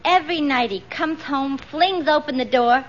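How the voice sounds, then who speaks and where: An actress playing a sharp-tongued, deadpan barmaid in a 1940s radio comedy. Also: female voice, sits high, moderate pace, close to an everyday voice. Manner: deadpan wisecracks. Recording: muffled old radio broadcast with hiss.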